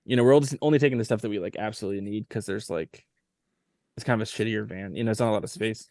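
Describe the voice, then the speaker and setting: A man's voice: on the low side, very fast, a little mellow, dry recording. Rambling male podcast guest, dry sound. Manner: rambling, many "like" fillers. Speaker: touring band member, podcast guest. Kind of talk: casual storytelling chat.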